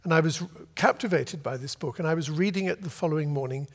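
An older man from Britain, an author telling a long, lively anecdote to a festival audience and acting out the voices he quotes. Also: fairly high pitch, fast talker, big-room sound. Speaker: author guest. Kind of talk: storytelling at a festival talk. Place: festival venue before an audience.

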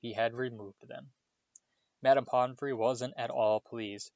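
A man reading a novel aloud in a steady storytelling voice, with small slips now and then. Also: medium pitch, unhurried, vocal fry, no echo, dull audio. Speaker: audiobook reader.

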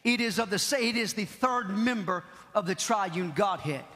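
A man preaching a Pentecostal sermon, impassioned, repeating key phrases and shouting at the peaks. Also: high-pitched, moderate pace. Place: large church hall. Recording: long hall reverb.

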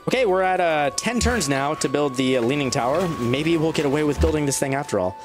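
A man giving casual, chatty commentary on his gameplay. He talks straight to the game's units and jumps up in pitch when he gets excited. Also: fairly quick, music in the background. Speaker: let's play gamer.

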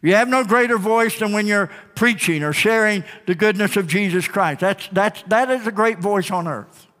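High-voiced preaching pastor in a reverberant church. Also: male voice, normal speed, fairly bright tone. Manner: emphatic preaching with call-and-response, repeated phrases. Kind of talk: sermon. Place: church sanctuary. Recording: long reverb of a church sanctuary.

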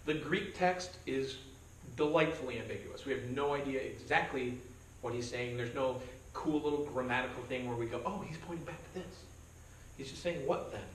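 A man's voice: mid-range voice, normal speed. Pastor guy cracking jokes thru a bible study, kinda far off the mic in a roomy echoey space, faint hum behind. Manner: conversational, joking, acts out quoted voices. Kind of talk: verse-by-verse Bible study sermon. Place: church meeting room. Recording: roomy sound from a distance, faint background.

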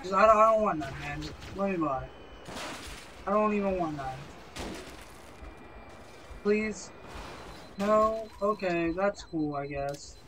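A man's voice: sits high, slow pace, long pauses, a bit bright. A young man giving casual gameplay commentary, swearing and grumbling in frustration. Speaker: gaming video creator. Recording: game music playing behind.

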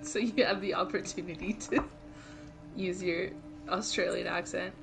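A woman's voice: on the low side, steady tone, a little slow, vocal fry, over music. A woman co-hosting a game stream, giggling often and giving the player directions in casual chat.

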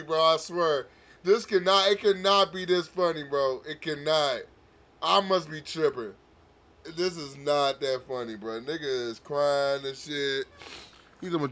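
A man's voice: fairly high pitch, a little slow, bright, forceful tone. A man giving casual, crude reaction commentary, joking and laughing often. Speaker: reaction video host.

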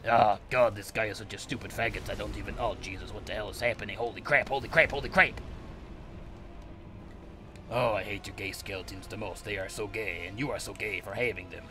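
A man's voice: on the low side, steady tone, brisk, music in the background. Profane ranting man gaming. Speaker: gamer. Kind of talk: let's play commentary.

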